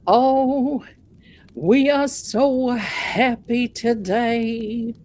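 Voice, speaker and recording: A woman voicing an excitable small male pastor, speaking in a gushing, drawn-out preacher manner. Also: on the high side, slight background noise. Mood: fervent. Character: fervent, overexcited small male Southern-ish pastor.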